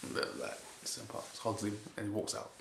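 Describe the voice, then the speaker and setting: A man's voice: lowish voice, monotone, a little fast, gravelly, a bit bright. A man giving a casual, rambling spoken recap of a wrestling show. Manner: rambling, repeats "basically", chuckles often. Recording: echoey room with faint hiss.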